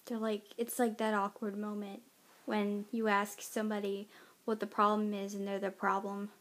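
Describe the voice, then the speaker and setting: A woman's voice: mid-range voice, monotone, moderate pace, fairly bright tone. A woman with a childlike-sounding voice, chatting casually in a rambling way in a pet vlog at home, now and then scolding her pets. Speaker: pet owner vlogger.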